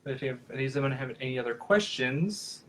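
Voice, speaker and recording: Over a video call, a professional puppeteer in his thirties answers questions about puppetry in an ordinary middle-pitched voice, briskly and with lively intonation. His tone is a bit bright, and a little hiss or hum is audible. He rambles in a loose, friendly way with lots of fillers and restarted sentences, like an informal live chat rather than a prepared talk.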